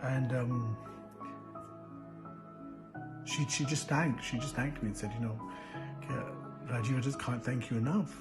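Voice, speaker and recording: A man's voice: mid-range voice, fairly even intonation, moderate pace, long pauses, loud music behind the voice. Earnest man telling an emotional story. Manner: earnest, repetitive, many fillers and restarts. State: emotional, close to tears. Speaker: reality show contestant.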